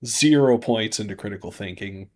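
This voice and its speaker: A man's voice: moderate pace, a little mellow. Jokey man podcast co-host. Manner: jokey, acts out characters' lines with big pitch jumps. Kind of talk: casual chat.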